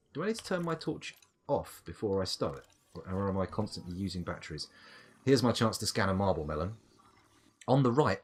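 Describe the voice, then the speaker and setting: Guy streaming a game, lowish voice that jumps all over, chatty and playful, faint music behind. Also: breathy edge. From United Kingdom. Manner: chatty, playful, talks to game creatures and himself. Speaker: gaming streamer. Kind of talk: live gameplay commentary.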